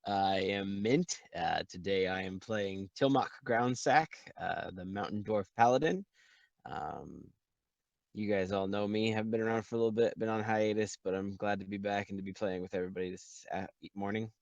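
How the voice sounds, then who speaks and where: Tired rambling man, low voice. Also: normal speed, creaky, no room sound, lo-fi sound. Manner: rambling, hesitant. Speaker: player.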